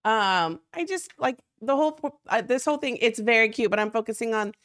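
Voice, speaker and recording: A woman's voice: on the high side, lively intonation, a little fast, a bit bright, no room sound, clean studio sound. A woman co-hosting a casual chat show, chatty and playful, with lots of ums and likes. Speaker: co-host.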